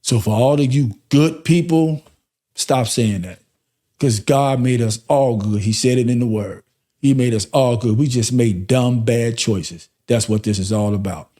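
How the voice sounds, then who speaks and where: A man's voice: mid-range voice, measured pace, warm tone. A man hosting a podcast as a life coach, giving a faith-based motivational talk with emphatic, repeated rhetorical questions.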